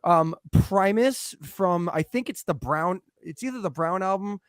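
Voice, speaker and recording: A man co-hosting a podcast in casual chat, excitable and swearing freely. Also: high voice, a little slow, clear, resonant tone, no room sound, clean studio sound. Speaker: podcast co-host.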